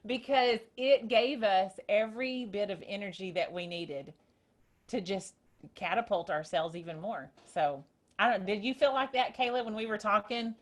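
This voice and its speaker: A woman hosting a casual group call, telling a story in an excited, rambling way. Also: medium pitch. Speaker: host. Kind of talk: casual chat.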